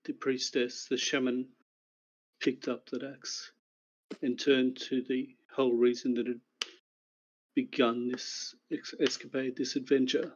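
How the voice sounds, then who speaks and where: A man narrating a recap of the last tabletop game session as game master, in a measured storytelling way. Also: medium pitch, little pitch movement, muffled recording.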